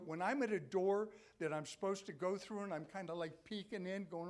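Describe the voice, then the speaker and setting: An older pastor preaches a sermon in a church sanctuary, speaking conversationally to the congregation and often checking in with "okay?" His voice sits high and his pace is brisk, rising to loud, emphatic peaks.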